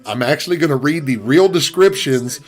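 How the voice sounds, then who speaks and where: A man's voice: on the high side, lively intonation, brisk. A man streaming and chatting casually, rambling and distracted as he looks something up, swearing now and then. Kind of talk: casual chat. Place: game stream at home. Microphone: desk mic.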